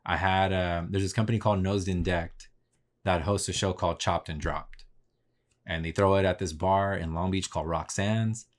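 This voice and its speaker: A man's voice: low-pitched, fairly even intonation, moderate pace. A man hosting a podcast, telling a story in a casual, slangy, profane way and replaying his own conversations. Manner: laid-back, slangy and profane, retelling conversations. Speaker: podcast host.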